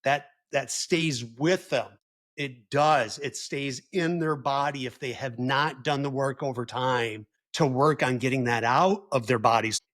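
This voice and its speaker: A man speaking earnestly and gently to other partners, repeating key words for emphasis as he gives advice. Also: medium pitch. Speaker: husband of a trauma survivor giving advice to partners. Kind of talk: earnest personal advice talk.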